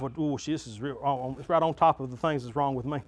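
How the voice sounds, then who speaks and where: A man preaching a sermon to his congregation in a church, folksy and plain-spoken, building to loud crescendos and dropping back to a low talk. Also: fast talker, muffled recording. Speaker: pastor. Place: church sanctuary.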